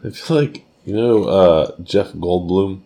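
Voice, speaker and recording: A man's voice: sits low, expressive, takes it slowly, gravelly, mellow, a little hiss or hum. Tipsy man rambling on a podcast. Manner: rambling, laughs often, tipsy and loose. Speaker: podcast co-host. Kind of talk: casual chat.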